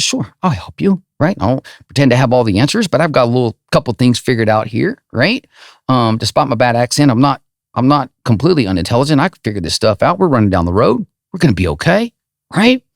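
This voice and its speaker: A man's voice: mid-range voice, dry recording. Emphatic middle-aged male coach, dry sound. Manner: emphatic, rambling, with frequent tag questions. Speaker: podcast host and running coach. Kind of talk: motivational monologue.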